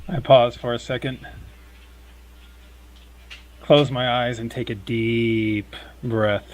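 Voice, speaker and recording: A man playing a tabletop role-playing game, slowly and deliberately describing his character's actions. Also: medium pitch, steady tone. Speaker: player.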